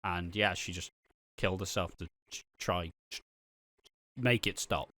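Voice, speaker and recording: Bright-voiced man, dry close mic. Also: sits low, a little slow, no room sound. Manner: joking, laughing, swearing, mimics characters. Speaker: podcast co-host. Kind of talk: casual chat.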